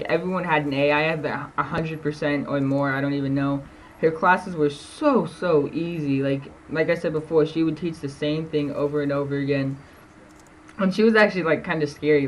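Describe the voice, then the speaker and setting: A man's voice: a little high, slight background noise, rough recording. Rambling teen guy telling school stories. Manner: rambling, jumps topics, many fillers, laughs between sentences. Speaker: vlogger. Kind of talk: casual storytelling to camera.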